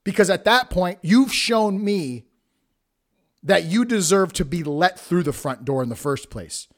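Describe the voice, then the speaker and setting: Brief: higher-voiced man, podcast host, heated profane rant, blunt and defiant. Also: expressive, unhurried. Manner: blunt, heated, heavy swearing. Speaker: podcast host and wrestling promoter.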